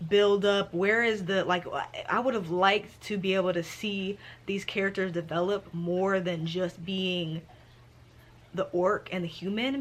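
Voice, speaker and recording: A woman vlogging about her reading, talking in an animated, sassy, slang-filled way as she reviews a book. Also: medium pitch. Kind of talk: casual book review chat.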